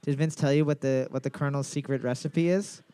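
A man's voice: medium pitch, steady tone, a little fast, mellow, smooth, dry recording. A man hosting a trivia night, reading each question twice and joking between rounds. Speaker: trivia quiz host.

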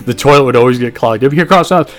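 A young man co-hosting a podcast, telling a long story in a rambling, profane, animated way. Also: mid-range voice, rapid-fire, faint music behind. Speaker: podcast co-host.

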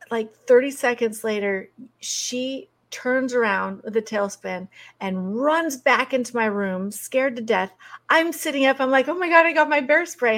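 A middle-aged woman guest telling stories in conversation, animated and laughing often. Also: on the high side. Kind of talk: conversational storytelling.

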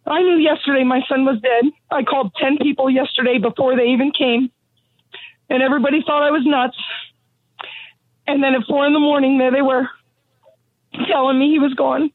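A woman's voice: high-pitched, no echo. A middle-aged woman calling in to a radio show, out of breath from pacing, angry and grieving as she rants bluntly. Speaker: caller. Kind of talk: phoned-in talk radio call. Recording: tinny phone line.

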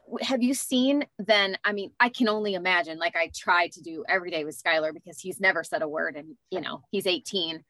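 A woman hosting a podcast interview, asking long gentle questions. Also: fairly low pitch, fairly quick, hardly any pauses, no room sound. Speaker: podcast host. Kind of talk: interview conversation.

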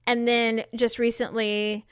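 A woman's voice: a little high, flat delivery, takes it slowly, smooth, no echo, clean studio sound. A woman in her thirties chatting casually as co-host, telling stories animatedly and acting out quotes with laughs. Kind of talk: casual chat, storytelling.

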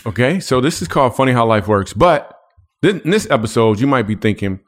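A man's voice: mid-range voice, lively intonation, a little fast. A man co-hosting a podcast, joking and teasing his friend in casual banter. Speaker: podcast co-host. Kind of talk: casual comedic chat.

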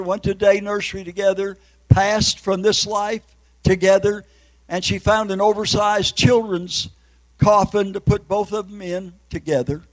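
A man's voice: high voice, poor audio. An older man, an evangelist preacher, giving an emotional testimony sermon and breaking into tears.

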